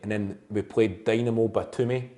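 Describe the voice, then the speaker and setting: A man's voice: fairly low pitch, fairly even intonation, brisk, warm tone. A Scottish man, a comedian guest, chatting wryly and joking, with broad local words. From Scotland. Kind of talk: casual chat.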